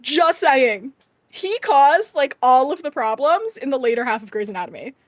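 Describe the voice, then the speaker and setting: A woman's voice: high-pitched, lively intonation, moderate pace, no room sound, studio quality. A young adult woman streaming, chatting casually and animatedly to her viewers, laughing often and ranting with emphasis. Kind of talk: casual chat to live chat.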